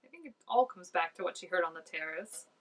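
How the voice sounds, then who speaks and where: A woman giving casual, excitable reaction commentary, full of "like" and dropping into soft asides. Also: on the low side, fast talker, far from the mic, low-quality recording. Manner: chatty and excitable, peppered with "like", drops to soft asides. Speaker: reaction video host.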